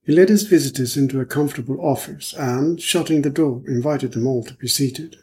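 A man giving a measured, even audiobook narration of a detective story. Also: mid-range voice, low-quality recording. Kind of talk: scripted narration.

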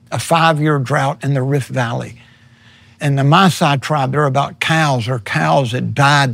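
A man's voice: mid-range voice, creaky, no room sound. A middle-aged man, a missionary preacher, telling his story earnestly in an interview and acting out his own words. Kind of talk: personal testimony in an interview.

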